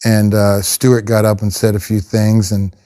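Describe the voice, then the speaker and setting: A middle-aged man, a professional drummer, telling casual anecdotes in an interview, rambling and animated with frequent restarts. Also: lowish voice, measured pace.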